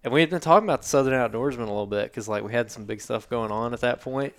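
Man, podcast co-host, relaxed, laughs easily, casual chat. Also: medium pitch, racing.

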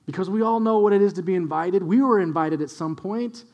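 A young adult man, a pastor, preaching a sermon with animated storytelling and quiet, earnest stretches. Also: sits high, a little fast, hardly any pauses.

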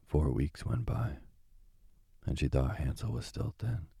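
A man reading a fairy tale aloud in a hushed, dramatic storytelling manner. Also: very deep voice, lively intonation, unhurried, vocal fry, breathy edge, dry recording, clean studio sound.

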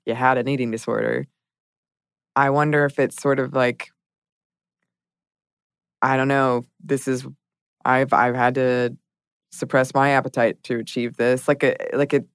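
A woman's voice: very deep voice, steady tone, moderate pace, long pauses, clean tone, dry recording, clean studio sound. A woman co-hosting a podcast in casual chat, reflective and hedging, laughing often. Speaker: podcast co-host.

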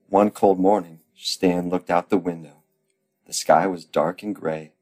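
A man reading a children's storybook aloud as a parody, deadpan and full of crude ad-libs. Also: sits low, unhurried, soft background music. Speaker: comic reader.

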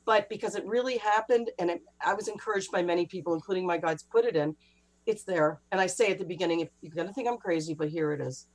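Animated middle-aged woman storyteller. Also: lowish voice, poor audio. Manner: breathless, laughing retelling with quick asides. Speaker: author and interview guest.

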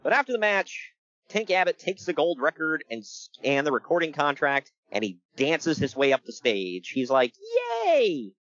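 Guy on a podcast, lively voice, a bit high, dull dry sound, jokes and laughs a lot. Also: normal speed, dry recording. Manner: animated, jokey, laughs often. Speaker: podcast co-host recapping wrestling. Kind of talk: casual chat.

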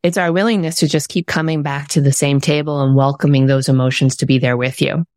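A woman speaks as an interview guest in a calm, earnest, reflective manner. Her voice is notably low for a woman. The recording is close and dry. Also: brisk, dry recording. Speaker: author guest.

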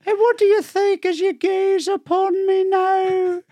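Joke voice: a teasing elderly Scottish wife, shrill falsetto, dry close sound. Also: male voice, flat delivery, warm tone, no room sound. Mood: coy. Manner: high falsetto, drawn-out teasing.

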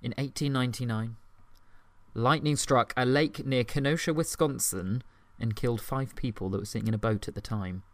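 A man in a casual podcast chat, his voice sitting at an everyday middle pitch. He talks loosely, trails off, laughs at his own jokes and drops the occasional swear word. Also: no room sound. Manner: chatty, swears freely, quick to laugh. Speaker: podcast co-host.

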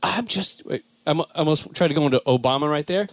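A man's voice: a little high, fast, no echo, studio quality. A young man from Southern California hosting a casual comedy podcast, rambling and slipping into silly impressions. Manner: rambling, animated, slips into silly put-on voices. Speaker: podcast host.

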